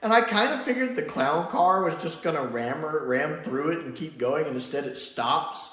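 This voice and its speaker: A man giving a casual spoken review, chatty and animated, often pausing with "uh" and "like". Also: a little high. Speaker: film and TV reviewer. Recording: roomy echo.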